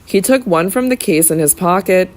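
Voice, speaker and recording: Measured audiobook narrator. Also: mid-range voice, animated. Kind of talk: scripted narration of a classic novel.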